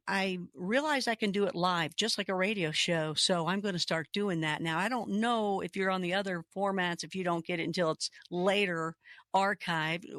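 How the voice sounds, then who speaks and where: A woman hosting a radio talk show, a little hoarse, chatty and upbeat, laughing between words. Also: lowish voice, a bit bright, no room sound, clean studio sound. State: slightly hoarse. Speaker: radio host.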